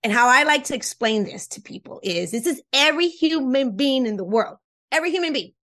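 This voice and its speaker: A woman whose first language is Spanish, a relationship coach explaining ideas in an interview, lively and emphatic, repeating points and laughing often. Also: sits high, brisk. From Cuba. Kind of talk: animated explanatory interview talk.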